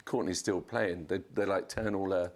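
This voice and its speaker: Deep-voiced guy spinning a crazy story, swears a lot, does the voices higher. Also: moderate pace. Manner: animated storyteller, swears, acts out quotes in a raised voice. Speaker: podcast guest, photographer. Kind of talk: casual anecdote telling.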